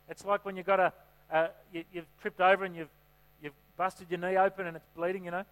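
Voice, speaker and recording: A man's voice: sits high, little pitch movement, fast, a bit bright. A man preaching a sermon in a church, chatty and joking, often asking the congregation questions. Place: church hall. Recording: reverberant hall with mains hum.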